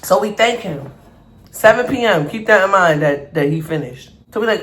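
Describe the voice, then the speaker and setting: A man vlogger telling a storytime over an eating show, animated and acting out the people in his story. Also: sits high, moderate pace. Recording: echoey room, faint background noise.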